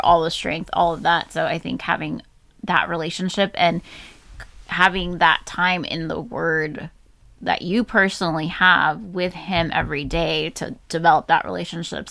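A woman co-hosting a Bible podcast, speaking in a soft, reflective way about faith. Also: lowish voice, gravelly, dry recording. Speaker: podcast co-host. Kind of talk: casual Bible study talk.

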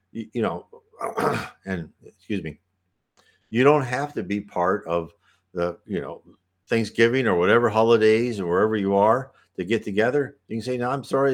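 Low-voiced man giving rambling advice. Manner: relaxed, rambling, frequent restarts and throat clearing. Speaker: channel host answering viewer questions. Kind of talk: casual spoken advice talk.

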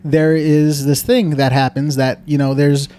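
A man's voice: a little high, little pitch movement, a little slow, warm tone. A podcast co-host man in casual chat, rambling and hesitant, with plenty of swearing.

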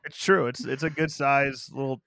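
A man's voice: medium pitch, fairly even intonation, moderate pace, vocal fry, a bit bright, dry recording, clean studio sound. A man co-hosting a podcast, joking and swearing as he chats about a horror movie. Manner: joking, swears, laughs at his own stories. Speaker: podcast co-host. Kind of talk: casual movie review chat.

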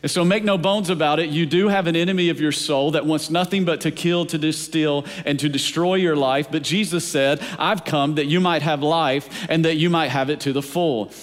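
A man's voice: on the high side, fairly even intonation, moderate pace, hardly any pauses. A man pastor preaching a sermon in a church, with a rhythmic delivery that keeps asking the congregation whether they are following. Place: church sanctuary. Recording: long reverb of a large hall.

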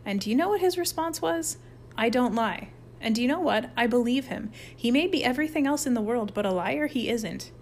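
A woman's voice: on the high side, lively intonation, a little fast, darkish tone, slight background noise, voice pushed up. A woman voicing a stern, snappish young male camp counselor in an audiobook reading. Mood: exasperated. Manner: snappish and exasperated.

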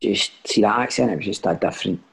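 A man's voice: lowish voice, fast, gravelly, over a noisy crowd. A Scottish man, a footballer guest on a video call, laid-back with short replies. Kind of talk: casual chat over a video call.

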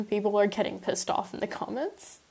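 A woman's voice: medium pitch, moderate pace, gravelly, a little mellow, breathy edge. A young woman hosting her own podcast, reading a chapter of her story aloud and then answering listener questions in casual, chatty, self-mocking asides.

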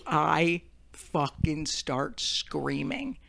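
A woman co-hosting a casual podcast, telling stories in an animated, profane way that jumps into high excited tones. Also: moderate pace. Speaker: podcast co-host.

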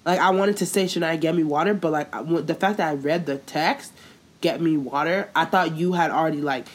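A young woman co-hosting a casual chat, telling a story in lively slang with lots of swearing. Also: sits low, a little fast.

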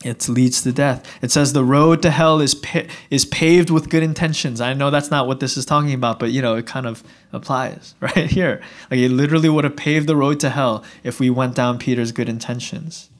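A man's voice: medium pitch, moderate pace, hardly any pauses. A young man preaching a sermon in a casual, conversational way, often acting out what people would say. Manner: animated, conversational, acting out dialogue. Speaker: pastor.

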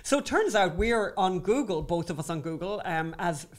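An Irish woman co-hosting a podcast, telling stories in a lively, playfully self-mocking way. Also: fairly low pitch, moderate pace. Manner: animated storytelling, playful self-mockery. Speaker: podcast co-host. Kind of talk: casual chat.

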